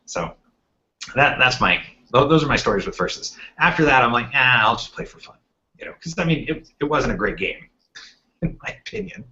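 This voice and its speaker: Man, mid-pitched, rambling storyteller, casual podcast chat, slightly muffled recording. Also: lively intonation, brisk, sharp tone. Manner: rambling anecdotes with acted-out quotes. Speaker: podcast co-host.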